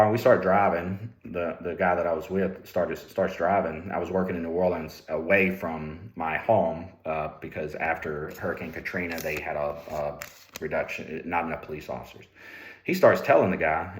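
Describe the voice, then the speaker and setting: A middle-aged man with a very low voice tells stories from his years as a trooper, loose and conversational, often circling back and restarting his words. The room around him is roomy and echoey. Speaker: police ethics lecturer, former trooper. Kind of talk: candid storytelling. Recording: roomy echo.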